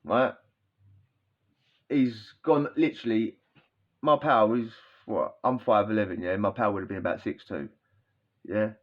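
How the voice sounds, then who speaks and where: A man's voice: lowish voice, measured pace, pauses often. A man telling a rowdy story in casual chat, rambling with frequent tag questions and laughs. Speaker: podcast host telling a story. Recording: dull lo-fi sound.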